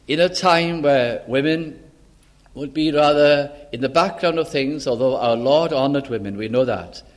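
A man preaching a sermon in a slow, deliberate and emphatic way, with dramatic pauses. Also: mid-range voice.

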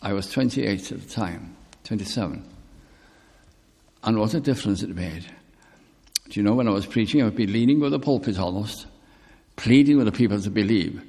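An older man preaching a sermon with personal testimony, speaking slowly and deliberately, drawing out key words. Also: lowish voice, dark tone. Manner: slow, deliberate, drawn-out emphasis. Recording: long reverb in a hall.

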